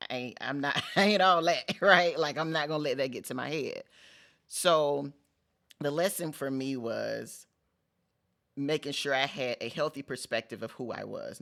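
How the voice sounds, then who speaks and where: A man's voice: medium pitch, creaky, fairly bright tone. A middle-aged man hosting a vlog, giving a conversational, emphatic pep talk with casual slang and repeated phrases for emphasis. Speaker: host.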